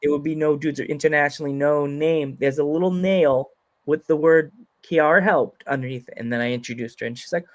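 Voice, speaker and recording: A man's voice: a little high, steady tone, brisk. An American man hosting a podcast in a casual chat, rambling with lots of fillers and frequent giggles. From United States. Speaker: podcast host.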